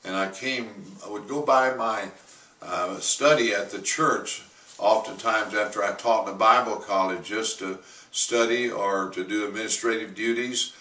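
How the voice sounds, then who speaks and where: Halting male pastor in a roomy hall. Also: on the low side, steady tone. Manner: halting, full of uh fillers, rising to forceful quoted commands. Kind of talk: testimony sermon. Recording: roomy, from a distance.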